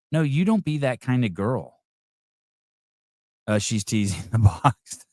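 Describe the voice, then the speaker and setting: A man's voice: medium pitch, expressive, moderate pace, dry recording, studio quality. A man hosting a live podcast, reacting to videos in a blunt, profane rant. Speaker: podcast host.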